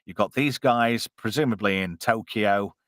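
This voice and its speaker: A man's voice: lowish voice, normal speed, fairly bright tone, no room sound, studio quality. A man hosting a casual, jokey live-stream commentary on a film. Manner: chatty, jokey, puts on silly voices. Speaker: podcast co-host.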